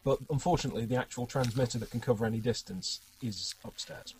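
A man's voice: mid-range voice, fast, a little mellow, a little hiss or hum, poor audio. A man running a tabletop game, narrating in a wry, chatty way and laughing often. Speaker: game master.

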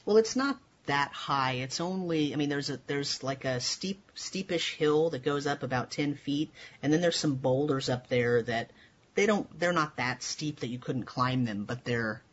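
A man's voice: medium pitch, normal speed. Man, dungeon master, rambling narration full of ums, dull muffled audio, faint hiss behind. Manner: loose, searching narration with many fillers. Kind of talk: narrating a tabletop game.

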